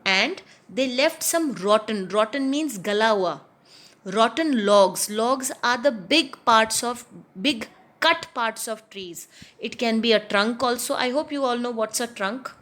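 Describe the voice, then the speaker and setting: Woman, teacher type, reads a kids' story and stops to explain words, voice a bit high. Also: animated, measured pace, a bit bright. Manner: explains words to young listeners, asks and answers questions. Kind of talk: storybook read-aloud lesson for children.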